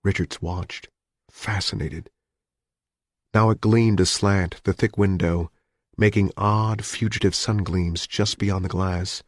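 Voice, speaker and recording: A man reading a thriller audiobook in a measured, even storytelling manner. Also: low voice, no echo, studio quality. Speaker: audiobook narrator. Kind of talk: scripted narration.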